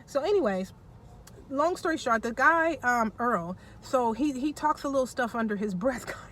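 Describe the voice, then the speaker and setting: A woman vlogger chatting her way through a personal story, animated and laughing as she goes. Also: on the high side, normal speed. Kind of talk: casual storytelling.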